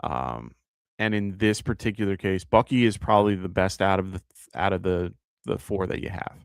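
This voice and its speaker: A man's voice: low-pitched, normal speed, gravelly, smooth, no room sound, studio quality. A man with a New York accent hosting a live fantasy football show, chatting casually, thinking aloud with fillers and reading out viewer questions. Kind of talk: live-stream fantasy advice chat.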